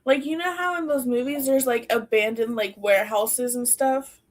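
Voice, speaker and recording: Slightly high-pitched and moderately paced, a young woman chats casually as a podcast co-host. Laughter punctuates her sentences, and "like" comes up constantly.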